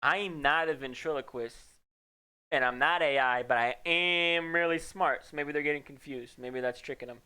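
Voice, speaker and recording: A man's voice: fairly high pitch, moderate pace, sharp tone, smooth. A man casting an esports match, joking, teasing his co-caster and bragging in playful color commentary.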